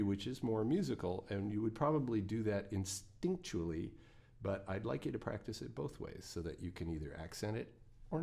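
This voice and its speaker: A man's voice: fairly low pitch, animated, moderate pace, creaky, dark tone. A man teaching a guitar lesson, talking through picking exercises in a plain, encouraging way with the odd folksy quip. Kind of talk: instructional lesson.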